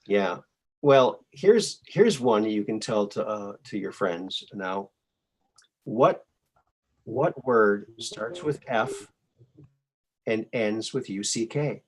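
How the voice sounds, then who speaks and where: A man's voice: fairly low pitch, animated, slow pace, pauses often, darkish tone, husky. A middle-aged man hosting a call-in show, chatting casually and telling dad jokes. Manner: folksy, tells dad jokes.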